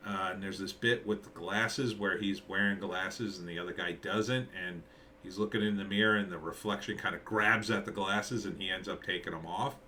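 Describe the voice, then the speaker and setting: A middle-aged man talks through a movie trailer in a loose, rambling way, full of fillers and restarts. His voice sits fairly low but has a bright, forceful edge. A faint room ambience hangs behind him. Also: fairly even intonation, normal speed, a little hiss or hum. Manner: rambling, thinking aloud with many fillers and restarts. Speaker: screenwriter reviewing movie trailers. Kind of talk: casual rambling commentary. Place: at home with a dog nearby.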